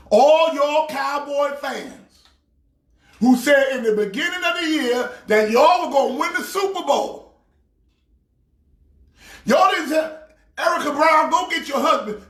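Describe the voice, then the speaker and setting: High-voiced, slow, shouting pastor. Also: male voice. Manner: loud, shouting, mocking. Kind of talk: comedic sports rant. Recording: echoey room.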